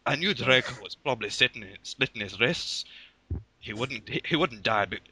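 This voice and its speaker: A man's voice: medium pitch, animated, normal speed, bright, forceful tone. A young man reading a fan fiction aloud to friends, stumbling over the text and laughing at it. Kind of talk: casual comic read-aloud.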